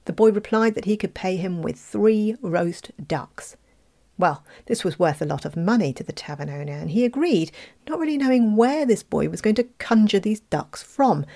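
A woman reading a fairy tale aloud, expressive, with playful asides. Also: medium pitch. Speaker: storyteller.

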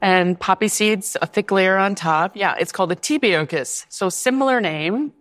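A woman's voice: medium pitch, normal speed, a bit bright. A woman who is a baker and guest, explaining things in an easygoing, conversational way. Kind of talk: casual interview conversation.

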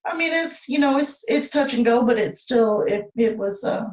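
A woman's voice: fairly high pitch, animated, normal speed, darkish tone. A woman co-hosting a podcast in rowdy, profane casual chat, laughing often. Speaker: podcast co-host. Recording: echoey, distant, dull mic.

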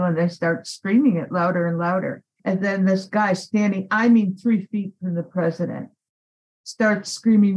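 A woman activist, a guest on an interview podcast, telling a story in an animated, emphatic way. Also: medium pitch, measured pace, dull audio.

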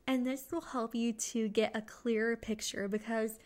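A woman's voice: a little high, steady tone, normal speed, a little mellow. A young adult woman hosting a solo podcast, talking in an earnest, chatty way with small restarts. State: excited, just home from work. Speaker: podcast host.

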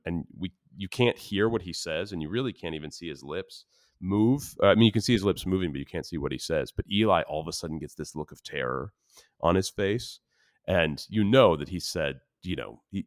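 Very deep-voiced man discussing a film. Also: no room sound, studio quality. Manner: hesitant, restarts often, laughs when quoting. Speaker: podcast co-host.

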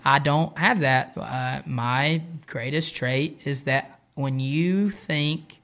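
A man talking casually on a podcast about coaching and training, relaxed and rambling with a self-deprecating manner. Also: medium pitch, takes it slowly. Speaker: podcast guest, jiu-jitsu coach. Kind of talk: casual chat.

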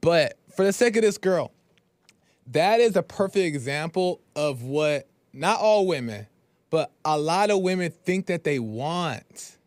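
A man's voice: fairly high pitch, lively intonation, measured pace, no room sound. A man hosting a podcast, giving opinionated commentary on a clip in a hesitant way. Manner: opinionated, hesitant, with restarts and fillers. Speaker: podcast host.

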